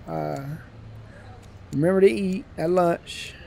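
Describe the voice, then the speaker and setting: A man's voice: fairly high pitch, very animated, normal speed, gravelly, darkish tone, a little hiss or hum. A man hosting a let's-play video, joking in slangy casual talk to his viewers and reading the game's text aloud as he plays. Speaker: gaming channel host.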